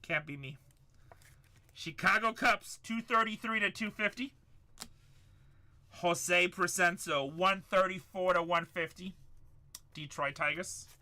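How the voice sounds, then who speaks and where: A man's voice: sits high, takes it slowly, pauses often. A middle-aged man hosting a live card break, hyping up the chat and repeating his calls. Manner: hyped, shouts up to the chat, repeats lines.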